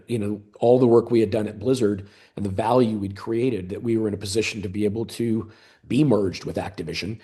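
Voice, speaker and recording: A man in his fifties speaks as an interview guest, recounting his career in an easygoing, conversational way. His voice sits a little low, and he grows animated as his stories build, pausing often on small fillers. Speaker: interview guest, former gaming executive.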